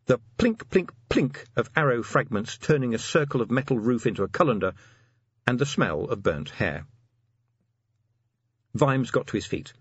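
A man's voice: mid-range voice, breathy edge, no room sound, highs cut off. A man narrating an audiobook expressively, giving each character a voice.

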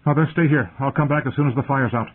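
Male reader as a young lord, earnest and protective, husky voice, thin phone-like sound. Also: medium pitch, sing-song, brisk, voice pushed up. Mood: alarmed. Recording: tinny phone-like audio.

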